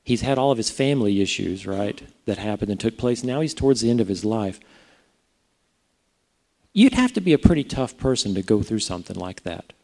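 A pastor delivers a sermon in a mellow, warm voice. His pitch moves up and down a lot, and he talks casually, checking in with the congregation through rhetorical questions. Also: lively intonation, a little fast, creaky.

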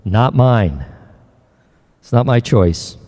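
An older man preaching a sermon as pastor, earnest and emotional, often pausing and restarting his words. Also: medium pitch, expressive, a little mellow, big-room sound.

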